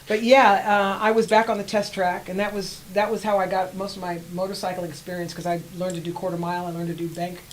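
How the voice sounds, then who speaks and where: A woman, telling stories as a guest in a casual interview, animated and laughing often. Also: on the low side, fast, hardly any pauses, slight background noise, poor audio. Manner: animated, laughs often, acts out quoted voices. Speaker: guest rider.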